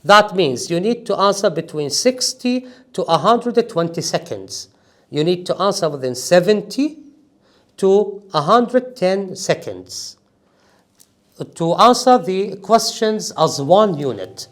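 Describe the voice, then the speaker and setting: A high-pitched man in his forties lectures a class in English with an Iraqi Arabic accent. His delivery is lively and swings up and down as he stresses key points. He keeps checking in with the room as he explains the exam. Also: slow pace. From Iraq. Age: 40s. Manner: emphatic, checks in with "okay?" and "is that clear?". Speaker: IELTS trainer.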